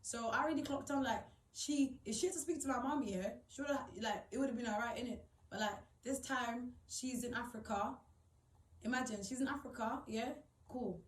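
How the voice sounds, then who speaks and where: A woman's voice: fairly high pitch, fairly quick, echoey room, recorded from a distance, poor audio. A young woman telling a personal story to camera, blunt and swearing, rising to indignant outbursts. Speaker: vlogger.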